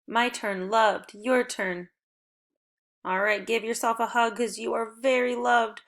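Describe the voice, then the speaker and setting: A young adult woman teacher leading a recorded phonics lesson for children, with upbeat, encouraging, clearly paced prompts. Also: fairly high pitch, steady tone, a little slow, fairly bright tone.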